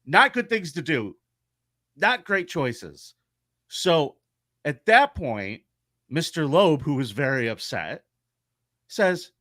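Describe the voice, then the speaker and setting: A man co-hosting a podcast, telling a true-crime story in an animated, profane way. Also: fairly high pitch, slow pace, long pauses, no room sound, clean studio sound. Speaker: podcast co-host.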